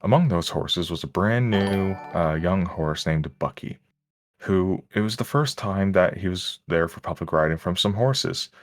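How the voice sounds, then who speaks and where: Man, very low voice, dry close sound, casual rambling storyteller, self-mocking. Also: lively intonation, unhurried, no room sound, faint music behind. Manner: rambling, self-mocking, frequent fillers and restarts. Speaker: stream guest.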